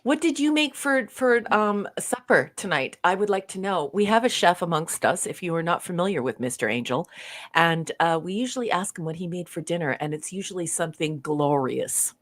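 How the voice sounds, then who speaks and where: A woman co-hosting a live stream, effusive and warm with viewers, laughing often in casual chat. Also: fairly low pitch, expressive, a little fast. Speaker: co-host of a live streamed show.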